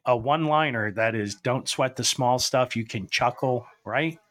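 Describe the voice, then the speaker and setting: A man's voice: medium pitch, moderate pace, fairly bright tone, no room sound. A man hosting a podcast, rambling through stories and chuckling as he goes. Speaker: podcast host. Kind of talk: casual chat.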